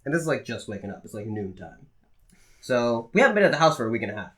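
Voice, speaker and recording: A man's voice: mid-range voice, fast. A man on a casual podcast, telling a travel story and acting out the voices of the people in it. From Massachusetts. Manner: animated, acts out voices in his stories. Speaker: podcast host.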